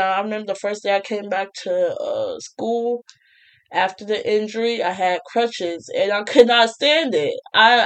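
A young woman tells a personal story in a casual storytime. She talks chattily, restarting her sentences and breaking into laughs often. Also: mid-range voice. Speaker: vlogger.

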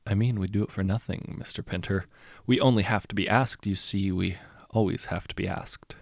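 A man voicing a smooth, polite salesman with a quietly menacing manner. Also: deep voice, fairly even intonation, moderate pace, no room sound, studio quality. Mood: calmly sinister. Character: smooth sinister male salesman of death.

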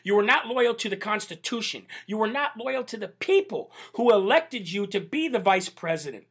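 A man hosting a political commentary livestream, animated, indignant and sarcastic, often calling out to "ladies and gentlemen". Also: high voice, normal speed, breathy edge. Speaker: host.

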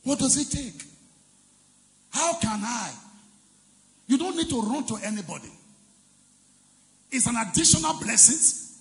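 A man preaching a sermon as pastor, leading the congregation in call-and-response and shouting and chanting his key phrases. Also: extremely high pitch, sing-song, a little slow, long pauses, in a large hall. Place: large church hall.

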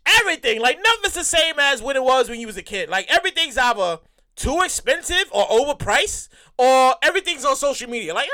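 Guy with a really high bright voice doing a rambly comedy rant, keeps repeating stuff. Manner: excitable, rambling, repeats himself often. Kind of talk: rambling comic monologue.

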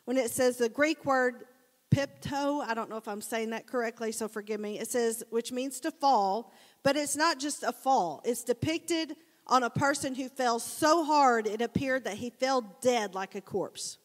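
Woman pastor, high voice, relaxed conversational sermon, long church reverb. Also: normal speed. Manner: casual, animated storytelling, addresses the crowd as guys. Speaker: preacher. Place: church sanctuary.

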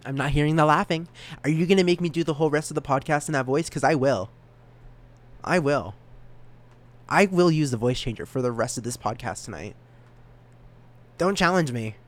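A man's voice: normal speed, long pauses. A man in his twenties hosting a solo podcast, rambling in a self-mocking way and often stumbling over and repeating words. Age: 20s. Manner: animated jumps in pitch and volume. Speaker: podcast host.

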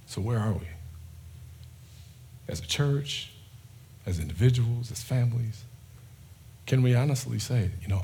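A man preaching a sermon as a pastor, swinging from loud, emphatic lines to quiet, near-whispered ones. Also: mid-range voice, measured pace, long pauses, slight background noise.

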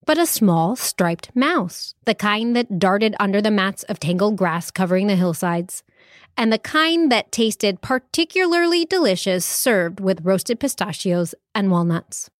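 Slow-paced woman reading a children's story. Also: medium pitch, sing-song, no room sound, studio quality. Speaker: children's podcast host and storyteller.

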